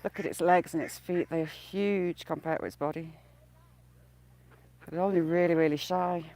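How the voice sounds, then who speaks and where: A woman's voice: fairly low pitch, steady tone, moderate pace, mellow. A woman chatting casually outdoors by a lake, talking to herself and calling out fondly to the ducks as she walks. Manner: chatty, coos and calls out to the ducks. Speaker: vlogger. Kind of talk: casual walk-and-talk commentary.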